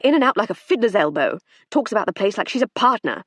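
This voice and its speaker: A woman voicing a resentful, scornful man in an audiobook, grumbling loudly. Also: medium pitch, sing-song, quick pace, no room sound, studio quality, pitched above the performer's own voice. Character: grumbling, snobbish middle-aged man. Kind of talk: audiobook character reading.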